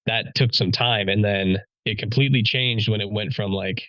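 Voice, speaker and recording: A man's voice: fairly low pitch, steady tone, moderate pace, a bit bright, no echo, dull audio. A man, a police officer, talking casually on a podcast and leaning on "you know" and "like.". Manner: chatty, leans on "you know" and "like".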